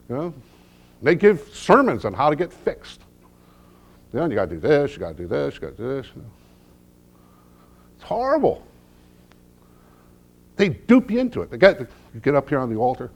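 A middle-aged male pastor preaching a sermon with humorous stories, dropping to hushed low lines and rising to loud emphatic peaks. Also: sing-song, normal speed, long pauses. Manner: humorous storytelling.

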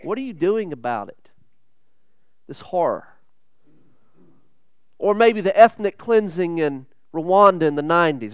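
A man preaching a sermon as pastor, earnest and urgent, rising to emphatic points and dropping to hushed intensity, often restarting his sentences. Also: a little high, expressive, a little slow, long pauses, clean tone, dry recording, studio quality. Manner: repeats words and restarts mid-sentence.

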